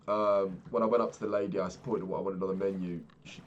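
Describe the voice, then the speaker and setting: A young vlogger casually tells a rambling, profane travel story in an animated way. His voice sits low and moves fast, and the lo-fi recording has slight background noise.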